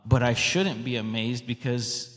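A man's voice: mid-range voice, measured pace, a bit bright, big-room sound. A man co-hosting a casual faith podcast, earnest and rambling, with many 'like's. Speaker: podcast co-host.

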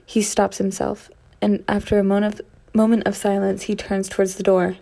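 A woman's voice: mid-range voice, completely flat delivery, moderate pace, gravelly, mellow. A woman reading aloud from a first-person story, with dramatic delivery and small slips and restarts. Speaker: reader of her own story.

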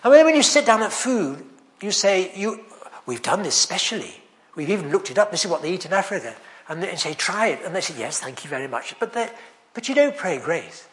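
Lively, chatty preacher man. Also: sits high, brisk. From England. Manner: chatty, anecdotal, self-deprecating humour. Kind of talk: sermon.

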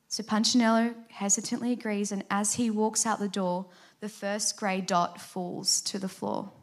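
A woman giving a devotional talk, earnest and gentle, who tells a children's story and ends in prayer. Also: medium pitch, little pitch movement, normal speed.

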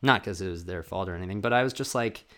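A man vlogging to camera, telling a comedic story in a rambling, profane way, full of "like" fillers and acting out other people's voices with big jumps in pitch. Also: fast talker, sharp tone.

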